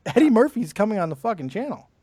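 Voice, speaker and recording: A man's voice: high-pitched, sing-song, quick pace, dark tone, breathy edge, no echo. A man hosting a podcast, in casual, blunt talk full of swearing. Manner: blunt and profane, wrapping up the show. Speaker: podcast host. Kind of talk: casual chat.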